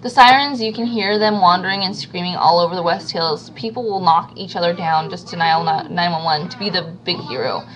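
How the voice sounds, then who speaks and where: A woman's voice: fairly low pitch, brisk, hardly any pauses, highs cut off. A woman reading a novel aloud as an amateur reader, stumbling over words and restarting now and then.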